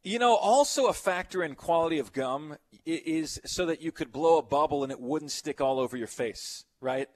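A man's voice: fairly high pitch, moderate pace, hardly any pauses. A middle-aged man hosting sports radio, chatting loosely and reading out listener texts. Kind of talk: casual radio chat.

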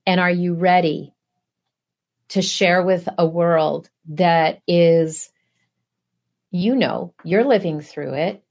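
A woman's voice: fairly low pitch, slow, gravelly, pauses often, a little mellow. A middle-aged woman giving an earnest preaching testimony, pressing her listeners with rhetorical questions. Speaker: guest speaker.

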